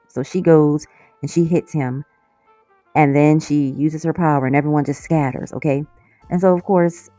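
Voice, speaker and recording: A woman with a low, mellow voice recaps a TV episode in a loose, chatty way. She breaks in with animated, exasperated asides and laughs often. The sound is dry and close, with faint music underneath. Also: no room sound. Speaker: series reviewer.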